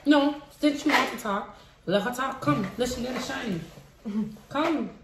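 A woman's voice: on the high side, unhurried, heavy background noise. A young woman co-hosting a prank vlog, teasing and laughing through casual banter. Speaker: vlog co-host.

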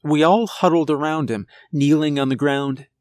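A man narrating a first-person horror story in a measured, tense way, over faint music. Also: fairly high pitch, steady tone, no echo.

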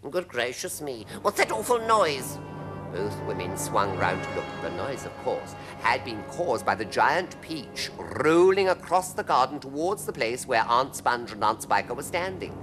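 A man's voice: mid-range voice, expressive, normal speed, few pauses. A man with a British English accent reading a children's story aloud in a theatrical way, with dramatic swoops. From Britain. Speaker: reader. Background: music.

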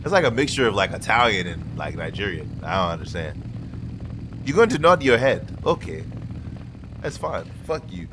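Animated joking young man gaming. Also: lowish voice, moderate pace, noisy background. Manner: loud, joking, animated trash talk. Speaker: gaming streamer. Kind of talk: casual gameplay chat with a friend.

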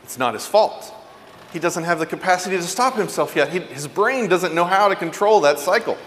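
Man, parenting talk, earnest storyteller, fairly high voice, long hall reverb. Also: a little fast, a little hiss or hum. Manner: earnest, animated storyteller, drops soft and low for tender moments. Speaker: parenting speaker. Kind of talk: motivational talk.

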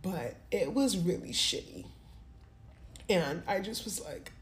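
A woman's voice: on the low side, expressive, takes it slowly. A young woman in her twenties recounts her night out in a candid, rambling way, scattering "like" through her talk. Her voice rings back off the walls of a roomy space. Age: 20s. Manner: candid, rambling, heavy use of "like". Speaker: vlogger. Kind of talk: casual storytelling to camera. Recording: roomy echo.

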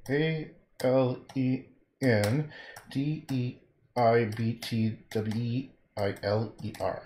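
A man's voice: mid-range voice, a little hiss or hum. A man from Canada, a painter chatting casually on a livestream as he works, rambling frankly and swearing freely. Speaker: painter streaming his work. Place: art studio. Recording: echoey room.

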